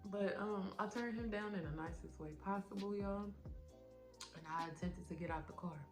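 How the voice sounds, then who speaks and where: A woman vlogger telling a storytime in a casual, animated, profane way, talking straight to her viewers. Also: medium pitch, normal speed, echoey room, music in the background.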